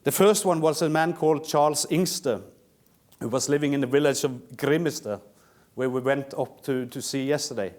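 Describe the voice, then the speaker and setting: A man's voice: mid-range voice, moderate pace, darkish tone. A man from Norway with a Norwegian accent, giving a history lecture in English, telling it as a story and often restarting words. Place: lecture room.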